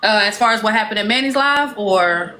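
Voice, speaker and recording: Woman, judge of a livestream mock trial, bright clear tone, firm and orderly. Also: mid-range voice, expressive, brisk. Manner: firm, orderly, setting rules. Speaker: judge of an online mock court.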